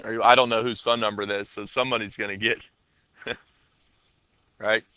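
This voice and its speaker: Bright casual man teaching a class. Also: fairly low pitch, level tone, moderate pace, clean tone, no echo. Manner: casual, checks in with students often. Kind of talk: classroom coding lesson.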